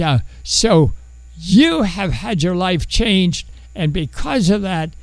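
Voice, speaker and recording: A man preaching with a high, swooping voice that turns gravelly in places. He tells Bible stories conversationally, acting out each character. The sound is close and dry. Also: no room sound, low-quality recording. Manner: animated storytelling, acts out biblical characters. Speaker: pastor. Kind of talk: sermon.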